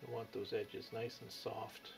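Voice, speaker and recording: A man giving an unhurried painting lesson, thinking aloud as he works, with pauses. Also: lowish voice, flat delivery, gravelly. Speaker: painting instructor. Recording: music playing behind.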